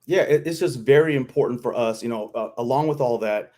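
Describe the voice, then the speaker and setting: A veteran from Kentucky, chatting on a live stream and acting out what people said. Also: male voice, medium pitch, a little fast. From Kentucky, US South. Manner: animated storyteller, acts out quotes. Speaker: guest, veteran. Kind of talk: casual live-stream chat.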